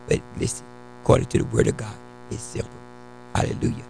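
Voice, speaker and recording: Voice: medium pitch, very animated, fast talker, vocal fry, long pauses, warm tone, slight background noise, rough recording. A preacher delivering a sermon as an apostle in a recorded audio message, pressing home points with repeated call-and-response questions. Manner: emphatic call-and-response questions, heavy repetition.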